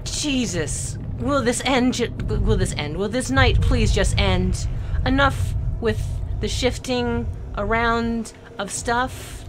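A woman gamer narrates her own horror playthrough at an unhurried, drawn-out pace, tense and swearing under her breath. She mutters to herself and snaps at things in the game. A steady hiss of background noise sits under her voice. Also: a little high. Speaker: let's play gamer. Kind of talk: live horror game commentary.

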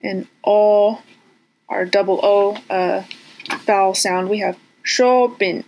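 A woman teaching a language lesson, slowly and patiently repeating each word and vowel sound, with frequent fillers. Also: medium pitch, fairly even intonation, a little mellow. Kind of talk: pronunciation lesson.

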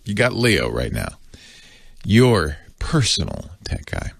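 A man giving casual tech commentary, chatty and jokey, doing quick silly voices for gadgets. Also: low voice, big pitch swings, creaky.

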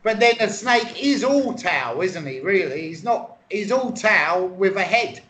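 A man's voice: high voice, lively intonation, a little slow, a bit bright. An English man in silly comedy banter, playful and giggly, getting muddled.

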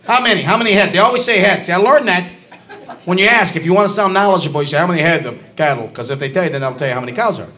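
A man doing a stand-up comedy routine on a club stage, ranting, shouting punchlines and bantering with the crowd. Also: sits high, very fast. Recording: live club with loud audience laughter. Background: crowd laughing.

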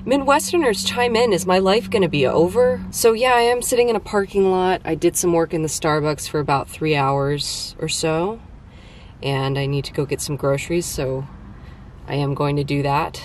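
A woman's voice: deep voice, moderate pace, a little mellow, slight background noise. A woman in her twenties, talking to the camera from a parked car in a chatty, rambling vlog with self-deprecating humor. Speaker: vlogger. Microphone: camera on a dashboard tripod.

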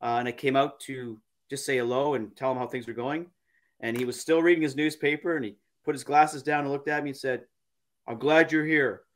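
A man, a podcast guest, telling a story in a halting, casual way, repeating words and using many fillers. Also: mid-range voice, fairly even intonation.

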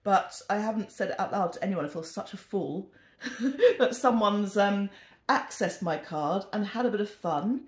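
A British woman rambles through a casual storytime, chatty and self-deprecating, at an ordinary middling pitch. Her voice rings off the walls of an echoey room at home. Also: moderate pace. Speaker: vlogger. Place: indoors in a home.

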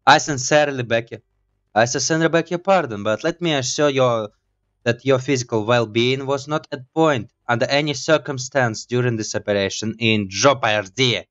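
A man's voice: medium pitch, normal speed, a bit bright, no room sound, muffled recording, natural voice. A man doing a pompous nerdy survivor. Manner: over-formal, pompous. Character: pompous nerdy male survivor, wordy and formal.

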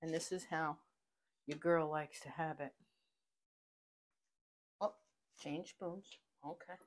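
Her voice is low and steady, and she takes her time. A middle-aged woman, she hosts an informal home cooking vlog from her kitchen, eagerly chatting through her kitchen tips.

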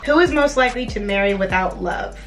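A woman's voice: medium pitch, lively intonation, a little fast, music in the background. A young woman hosting a casual chat video with a friend, teasing her, laughing often and reading out questions. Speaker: YouTube vlogger.

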